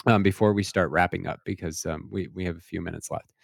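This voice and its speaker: A male podcast host talking in a reflective way, restarting phrases and slowing down to stress his points. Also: low-pitched, fairly even intonation, gravelly, no room sound, clean studio sound. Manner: reflective, searching for words, repeats himself, slows down to stress points. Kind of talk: casual podcast conversation.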